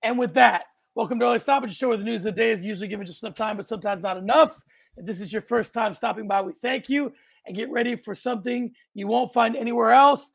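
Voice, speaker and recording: Dry, matter-of-fact guy hosting a podcast, gravelly voice, dry room. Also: very high-pitched, fast, no echo. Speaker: podcast host. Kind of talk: casual podcast chat.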